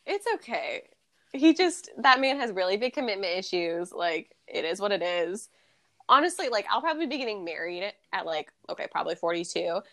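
A woman's voice: mid-range voice, a little fast. A young woman co-hosting a podcast, chatting casually and telling stories in a blunt, profane way. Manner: blunt, profane, animated storytelling. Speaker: podcast co-host. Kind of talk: casual chat.

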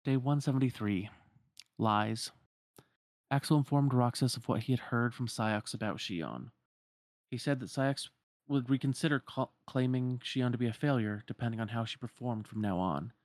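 A man's voice: mid-range voice, moderate pace, no room sound, clean studio sound. Man retelling a game story. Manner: plain storytelling with fillers and restarts. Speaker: narrator.

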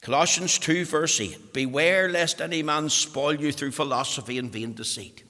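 A man preaching a sermon, emphatic and building to forceful exhortation. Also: fairly high pitch, moderate pace, big-room sound.

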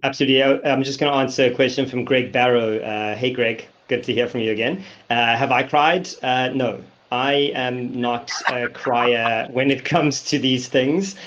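A man's voice: medium pitch, fairly even intonation, moderate pace, hardly any pauses, a bit bright, highs cut off, slight background noise. A man hosting a casual webinar interview, speaking candidly and bluntly. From South Africa. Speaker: host.

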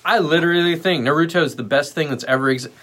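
A livestream host with a high-leaning voice talks quickly, rambling casually with lots of fillers and asides. When quoting others, he puts on lively voices.

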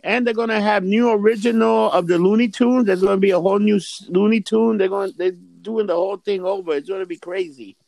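A man's voice: high-pitched, fairly even intonation, fairly quick, vocal fry, hardly any pauses, a little mellow, no room sound. A man in casual chat, rambling and swearing with lots of fillers. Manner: laid-back, profane, rambling with fillers.

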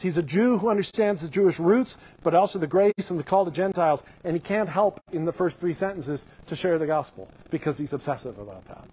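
A male pastor giving a sermon, reading scripture aloud and explaining it with animated enthusiasm. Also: sits high, slightly rough, low-quality recording.

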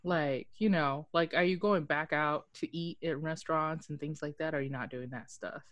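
A woman's voice: deep voice, moderate pace, fairly bright tone, dry recording. A woman in her thirties hosting a casual chat, telling stories with laughs and swearing.

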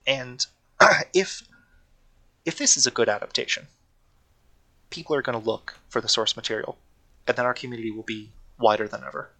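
A man's voice: mid-range voice, moderate pace, pauses often, sharp tone. A man co-hosting a casual podcast, talking eagerly and rambling, often correcting himself. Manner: enthusiastic, rambling, self-correcting. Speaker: podcast co-host.

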